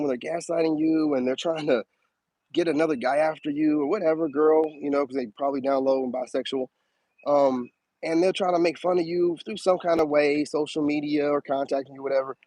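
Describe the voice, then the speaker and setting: Casting: animated male streamer, preachy, highish voice, close dry mic. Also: no room sound, low-quality recording. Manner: animated, preachy, swoops up high for emphasis. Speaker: spiritual advice streamer. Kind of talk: casual live-stream monologue.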